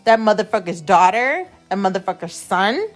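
A woman's voice: mid-range voice, expressive, moderate pace, soft background music. A young adult woman hosting a podcast, telling a personal story in a rambling, blunt, profane way, often repeating herself. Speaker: podcast host. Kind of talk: casual storytelling monologue.

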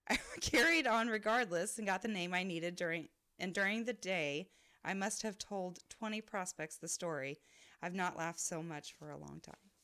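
A woman's voice: fairly low pitch, lively intonation, normal speed, sharp tone. Woman reading listener stories aloud. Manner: laughs often while reading. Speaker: podcast co-host.

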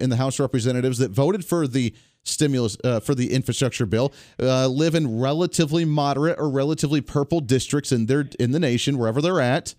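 A man's voice: medium pitch, darkish tone, no echo. A man hosting a talk radio show, giving blunt, opinionated, emphatic political commentary from a studio.

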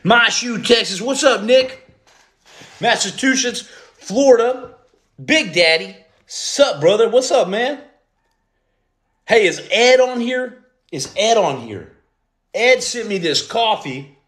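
A man's voice: sits high, lively intonation, takes it slowly, pauses often, a bit bright, reverberant. A man hosting a motivational livestream, greeting viewers and reading their comments aloud. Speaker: podcast host, former Navy SEAL.

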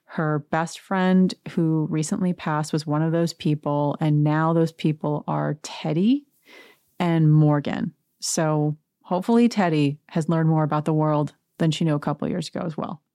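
A woman's voice: deep voice, steady tone, moderate pace, dark tone, dry recording, clean studio sound. A woman hosting a podcast, recapping reality TV in a chatty, gossipy, wry way. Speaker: podcast host.

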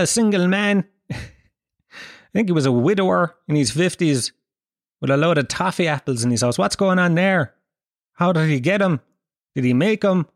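A man's voice: a little high, dry recording, clean studio sound. A man telling rambling comic stories in a casual, profane, wry way, laughing as he goes.

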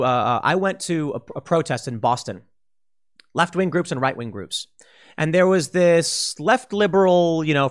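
A man giving opinion commentary, talking emphatically and acting out quoted remarks in a raised voice. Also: a little high. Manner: animated, emphatic, with restarts and quoted asides. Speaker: political commentator.

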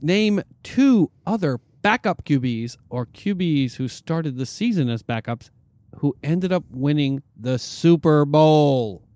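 A man's voice: fairly high pitch, animated, slow, a little mellow, no echo. A man hosting a casual podcast and running a quiz, with upbeat, announcer-like cues. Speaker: podcast host and quizmaster. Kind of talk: casual chat.

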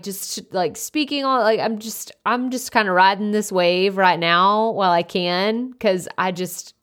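A woman hosting a solo podcast, talking loudly and energetically in a casual, chatty way into a close microphone. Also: mid-range voice. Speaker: podcast host. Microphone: studio podcast microphone up close.

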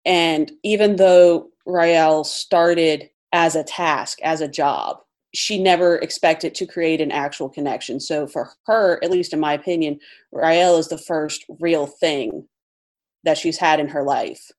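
A woman co-hosting a podcast, talking in a measured, thoughtful way. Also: low voice, darkish tone. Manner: measured, thoughtful, speaks slowly. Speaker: podcast co-host. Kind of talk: casual podcast chat.

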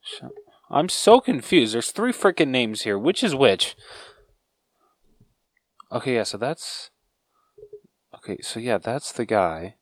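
A man's voice: mid-range voice, very animated, takes it slowly, pauses often, dry recording. A man co-hosting a podcast, chatting casually and a bit hesitantly about movies. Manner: chatty, hesitant, says um and dude a lot. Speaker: podcast co-host.

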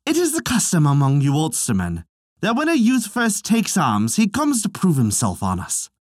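A proud, jeering warrior brags over his past victories, as a man puts on his voice. The audiobook voice climbs a little higher than the reader's own and swings widely as he taunts his rivals. The recording is dry and close. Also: wildly swooping pitch, normal speed, dry recording. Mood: taunting. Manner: mocking, proud boasting. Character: boastful, taunting adult male warrior of Connacht. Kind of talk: audiobook reading of a legend.

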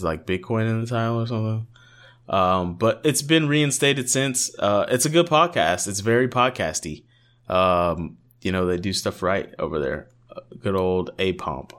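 Rambling low-voiced man co-hosting. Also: fairly bright tone. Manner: rambling, filler-heavy, joking. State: tired, yawning. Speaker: podcast co-host. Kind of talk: casual chat.

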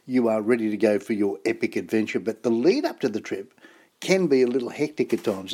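A man's voice: mid-range voice, warm tone, husky. An Australian man hosting a radio show, chatting casually and reading an ad in an upbeat, repetitive way. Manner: chatty, upbeat, repeats himself. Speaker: radio host. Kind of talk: casual radio chat with ad reads.

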